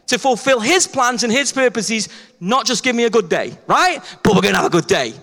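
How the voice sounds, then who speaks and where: A man preaching a sermon, his voice sitting unusually high. He tells his story with energy and acts out the dialogue. The sound rings with a long hall reverb. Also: big pitch swings, a little fast, bright, forceful tone. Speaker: pastor.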